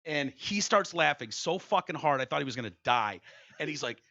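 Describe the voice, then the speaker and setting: Profane podcast host: gravelly man, bright tone, muffled recording. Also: a little high, a little fast. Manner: swears freely, animated storytelling. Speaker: radio host. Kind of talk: casual podcast chat.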